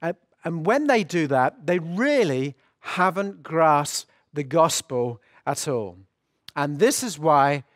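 A man's voice: a little high, a bit bright, dry recording, clean studio sound. A man preaching a sermon as pastor, earnest and explanatory, often restarting his phrases.

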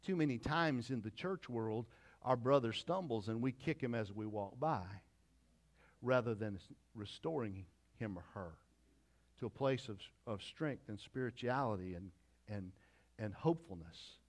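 A man's voice: medium pitch, expressive, moderate pace. A middle-aged pastor preaching a conversational sermon with repeated phrases and asides to his congregation.

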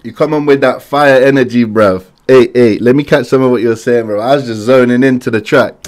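A man, hosting a music reaction and talking casually with lots of slang, quick to get excited. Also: mid-range voice.

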